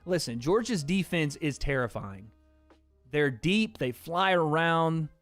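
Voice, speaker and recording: A young man chats loosely on his livestream, thanking viewers, laughing easily and swearing now and then. His voice sits a little high and sounds dry and close. Faint music plays beneath him. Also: animated, slow, fairly bright tone, dry recording. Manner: laid-back, laughs often, swears casually. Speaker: livestream host reading donations. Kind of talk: casual livestream chat.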